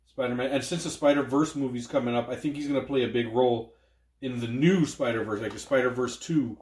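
A man's voice: mid-range voice, fairly quick, a little mellow. A man co-hosting a podcast in casual chat, joking and laughing often. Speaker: podcast co-host. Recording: echoey room.

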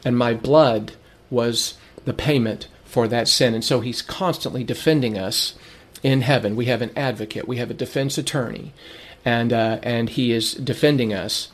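A man preaching a sermon, earnest and emphatic. He repeats phrases for stress and asks questions that he answers himself. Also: normal speed. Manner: earnest, repeats phrases for emphasis, rises in pitch when urging.

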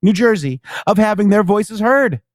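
Male host for a casual political stream, voice a touch high, close dry mic, lurches between excited reading and low rambling thanks. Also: normal speed, dry recording. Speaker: show host. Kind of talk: casual political talk show banter.

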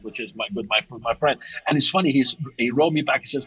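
A man's voice: quick pace, few pauses, slightly rough, rough recording. A middle-aged man, a martial arts teacher and podcast guest, chatting casually and animatedly, often restarting his sentences. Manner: animated storyteller, restarts often, rises in pitch for emphasis. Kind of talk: casual conversation.

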